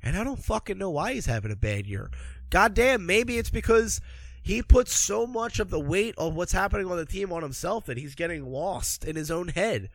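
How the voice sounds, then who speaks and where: A sarcastic man rants about his hockey team in a slightly high voice, swearing constantly. He sounds a bit stuffed up from allergies. The recording is close and dry. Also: lively intonation, moderate pace, vocal fry, fairly bright tone, no echo. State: congested from allergies. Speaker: hockey commentator. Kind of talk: profane ranting sports commentary.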